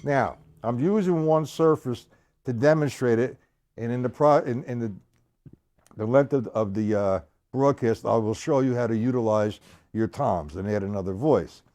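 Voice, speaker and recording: A man with a mid-range voice teaches a live-streamed drum lesson at normal speed. He explains accents and counts the beats aloud, speaking loudly over his own snare drum playing.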